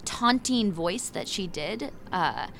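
A woman's voice: medium pitch, lively intonation, slow pace, gravelly, fairly bright tone. A woman running a tabletop game as game master, narrating vividly and loosely with fillers.

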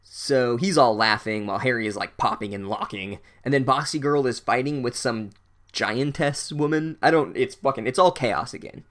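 A man recapping a book as a comedic monologue, sarcastic and profane, with deadpan asides and loud incredulous outbursts. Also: mid-range voice, normal speed. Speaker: podcast host recapping a book.

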